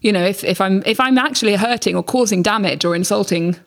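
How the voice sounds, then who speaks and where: A woman's voice: mid-range voice, fast. A woman talking candidly as a podcast guest, rambling and emphatic, swearing freely.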